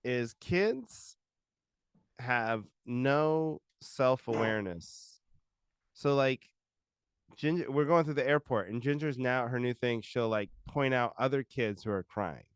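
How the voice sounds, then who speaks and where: A man's voice: medium pitch, lively intonation, takes it slowly, clear, resonant tone, no echo, studio quality. A man co-hosting a podcast, a comedian telling wry, exasperated stories in casual chat.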